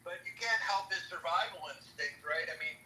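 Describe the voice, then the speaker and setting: A man joining a podcast from his car, reasoning aloud in a measured way. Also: high voice, sharp tone. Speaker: podcast guest calling in. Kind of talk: casual political chat. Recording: distant echoey line with faint noise.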